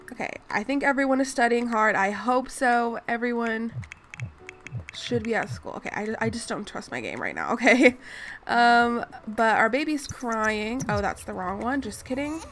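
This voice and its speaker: Woman, gaming host, slightly high voice, casual gameplay commentary, chatty, mock-exasperated, background music. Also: fairly bright tone. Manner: chatty, mock-exasperated, scolding her game characters. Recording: voice over clear background music.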